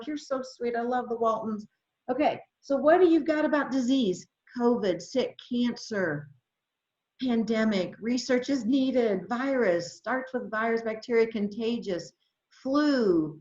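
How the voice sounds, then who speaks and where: A woman leading an adult education webinar, talking to teachers with lots of excitement and reading chat replies aloud over a computer microphone. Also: high-pitched. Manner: enthusiastic, exclamatory, reads chat aloud. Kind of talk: webinar presentation. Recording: roomy, slightly dull webinar audio.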